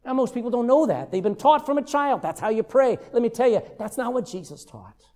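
A man's voice: extremely high pitch, a little fast. An older man preaching a sermon as a pastor, telling stories with humor. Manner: humorous, lively storytelling.

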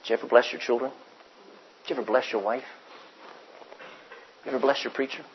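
A man preaching a sermon as pastor, swinging from hushed asides to loud acted-out quotes. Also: mid-range voice, steady tone, brisk, highs cut off, a little hiss or hum.

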